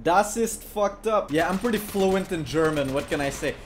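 A young man commentating his video game playthrough, joking and sarcastic and breaking into sudden shouts. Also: sits high, expressive, moderate pace, few pauses, slight background noise. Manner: jokey, sarcastic, bursts into shouts. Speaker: gaming YouTuber. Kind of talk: gameplay commentary. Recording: clear music playing behind.

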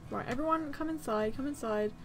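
A woman's voice: sits high, fairly quick, soft background music. Anxious, fretful woman narrating her gameplay. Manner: anxious, fretful, talks to herself while playing. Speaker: gaming channel host. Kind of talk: let's-play commentary.

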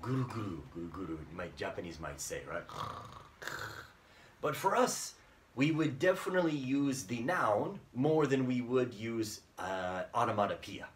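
A man teaching an online English lesson, saying words slowly and repeating them with frequent tag questions. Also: mid-range voice, animated, a little hiss or hum.

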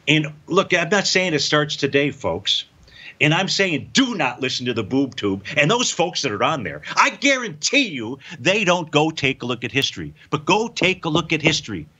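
A man's voice: mid-range voice, sharp tone, lo-fi sound. A man hosting a live financial talk show, folksy and emphatic, answering viewer questions and repeating his points. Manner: folksy, emphatic, repeats phrases, says "out there" a lot. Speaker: market show host.

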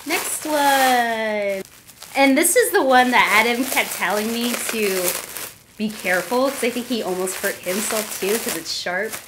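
Excitable, gushing young woman vlogger. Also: fairly high pitch, moderate pace, background noise. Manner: excitable, gushing and emotional, squeals and gasps. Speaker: YouTuber unboxing gifts. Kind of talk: casual unboxing vlog.

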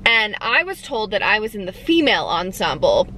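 Bright, chatty Southern woman vlogger. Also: mid-range voice, moderate pace, a little hiss or hum. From Georgia, USA. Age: 20s. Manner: chatty, animated storytelling. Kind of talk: casual vlog chat.

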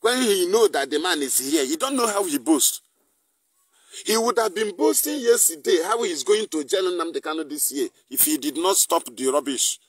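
A man's voice: a little high, lively intonation, moderate pace, no echo. A man with a Nigerian accent hosting a live online broadcast, mixing English with Igbo and firing off angry, mocking rhetorical questions. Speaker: activist broadcaster.

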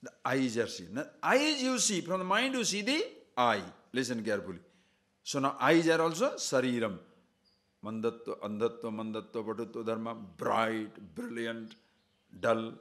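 A male spiritual teacher speaking to a gathering of listeners. His pitch sits in the middle of the male range but swings widely as he acts out a story. He keeps checking that his listeners are following him. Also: animated, normal speed, a bit bright.

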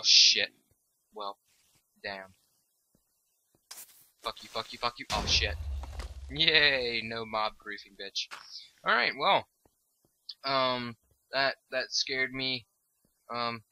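Young guy doing game commentary, super bright edgy voice, rambly crude jokes, squeals up high when excited. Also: slow pace, pauses often, rough recording. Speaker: gaming video host. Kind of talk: gameplay commentary.

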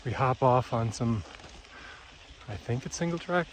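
A man's voice: mid-range voice, lively intonation, a little slow, a little hiss or hum. A man vlogging outdoors on a mountain pass, talking candidly and hesitantly, with many fillers and restarts. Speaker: bikepacking vlogger. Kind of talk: casual self-filmed vlog.

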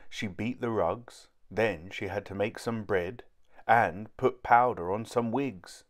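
A man reads a children's storybook aloud in a clear, unhurried way. His voice sits on the low side. He takes each line very slowly, as if for early readers. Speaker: narrator. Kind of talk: reading a children's book aloud.

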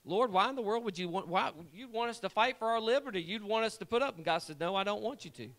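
A man's voice: sits high, quick pace, a bit bright. A man preaching a sermon in a church, fervent and repetitive, calling out to members of the congregation by name. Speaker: lay preacher and church guitar player. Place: church sanctuary.

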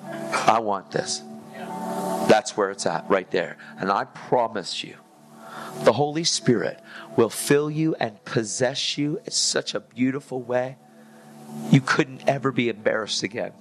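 A man preaching an energetic sermon, telling his testimony in a casual way, full of "dude" and "like" and acted-out dialogue. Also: medium pitch, unhurried, faint music behind.

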